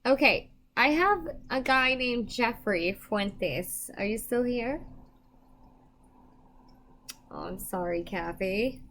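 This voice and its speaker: A young adult woman giving psychic readings on a live stream, chatting casually with viewers, emotional and quick to laugh. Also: fairly high pitch, expressive, fairly bright tone. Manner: emotional, chatty, laughs often, self-deprecating.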